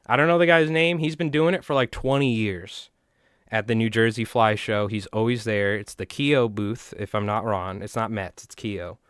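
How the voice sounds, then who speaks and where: A man, chatting in a rambling, animated way to his viewers while tying flies on a live stream. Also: lowish voice, moderate pace, clear, resonant tone, no echo, clean studio sound. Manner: rambling, animated, talks to chat.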